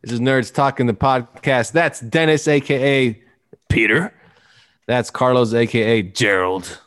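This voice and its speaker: A man's voice: medium pitch, unhurried, a bit bright. A man hosting a casual podcast, rambling and joking with his co-hosts. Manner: rambling, joking, restarts a lot. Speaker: podcast host.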